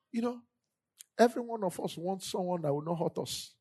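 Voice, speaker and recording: A woman's voice: on the low side, expressive, brisk, mellow, slightly rough. A woman preaching a sermon, leading call-and-response and repeating scripture lines for the congregation to echo.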